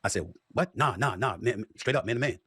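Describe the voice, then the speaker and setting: A man hosting a sports talk show, speaking emphatically with dramatic pauses. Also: medium pitch, lively intonation, pushed and bright, breathy edge. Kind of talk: broadcast commentary.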